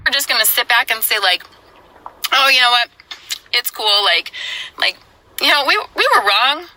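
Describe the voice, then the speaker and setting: High, bright-voiced woman addressing viewers. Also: animated, moderate pace, poor audio. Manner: earnest, lectures the viewer directly. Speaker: speaker in a played clip. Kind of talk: earnest direct-to-camera address.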